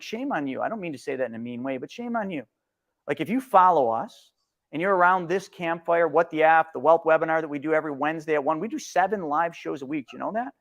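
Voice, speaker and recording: A middle-aged man co-hosting a live-stream market show, talking bluntly and sarcastically with animated swings. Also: fairly high pitch. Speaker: co-host.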